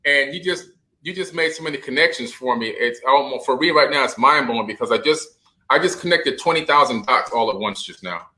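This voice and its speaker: A middle-aged man hosting a podcast in casual conversation, reacting with excited exclamations and frequent agreement. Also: mid-range voice, fairly quick, a little hiss or hum, poor audio. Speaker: podcast host.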